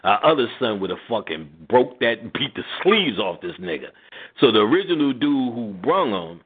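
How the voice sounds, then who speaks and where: A husky middle-aged man hosts a call-in style show, talking in a loose, profane, storytelling way with frequent laughter. His voice swings widely in pitch as he acts out other people's lines, and it comes through a narrow, phone-like line. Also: very animated, moderate pace. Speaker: radio show host. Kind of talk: casual storytelling chat.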